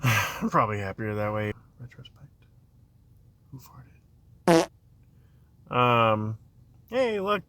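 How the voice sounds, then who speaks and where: Man, dad, casual storytelling, mid-pitched, tense bright tone, animated, rambling. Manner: animated, laughs often, goes off on tangents. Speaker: dad telling a family story.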